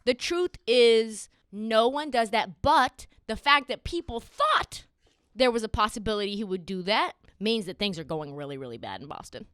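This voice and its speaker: A young woman hosting a sports podcast, talking in a casual, sarcastic and animated way. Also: on the high side, clean tone, no room sound, clean studio sound. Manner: animated, sarcastic, quick asides. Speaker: podcast host.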